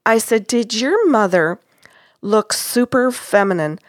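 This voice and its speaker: Woman retelling a reading, animated and dry. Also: on the high side, a little slow, no room sound. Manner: animated retelling, acting out quoted lines with laughs. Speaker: psychic medium recounting a reading. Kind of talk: storytelling in casual chat.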